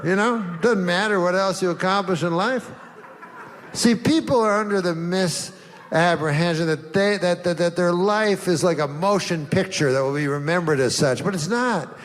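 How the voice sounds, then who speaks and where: A man tells dark jokes on stage with a measured deadpan delivery. His voice sits fairly high. A long room reverb and faint noise trail behind him. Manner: deliberate, dark deadpan with drawn-out pauses. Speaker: stand-up comedian. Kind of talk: stand-up routine.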